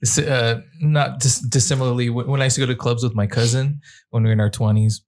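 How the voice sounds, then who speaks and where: A man's voice: mid-range voice, fairly even intonation, fast, a little mellow. A man in his thirties, a regular on a podcast, talking in casual chat, hesitant and self-deprecating.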